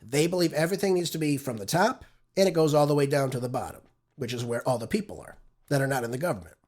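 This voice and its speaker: A man's voice: medium pitch, quick pace, a little mellow. A man hosting a political talk show, delivering opinionated, conversational commentary and often tagging his points with "right?".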